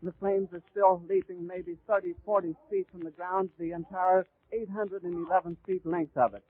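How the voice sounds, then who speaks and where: A man's voice: sits high, fairly even intonation, normal speed, dry recording. A man giving vivid live eyewitness radio commentary, describing the scene in flowing detail with occasional stumbles. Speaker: radio announcer. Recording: tinny, dry 1930s radio recording.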